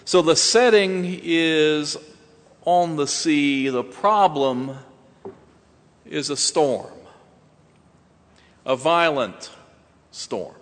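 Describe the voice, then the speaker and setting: A man delivers a sermon at an unhurried, deliberate pace, leaning on pauses and building emphasis. His voice sits a little high for a man. It rings out with a long hall reverb. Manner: slow, deliberate preaching with dramatic pauses and rising emphasis. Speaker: preacher.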